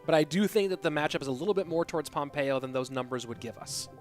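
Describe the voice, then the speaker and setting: High-voiced chatty esports caster. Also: male voice, fast talker. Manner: chatty, reads and answers chat between excited play calls. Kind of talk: solo live esports commentary with chat reading. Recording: loud music behind voice.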